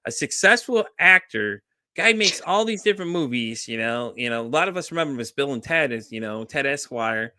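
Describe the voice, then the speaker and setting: A middle-aged man chats on his podcast, spinning animated stories and jumping into quoted voices, cursing casually along the way. His voice is bright and forceful, at a middle pitch. The sound is close and dry, with no room around it. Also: fairly quick, no room sound. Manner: animated storytelling, acts out quoted voices, swears freely. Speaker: podcast host.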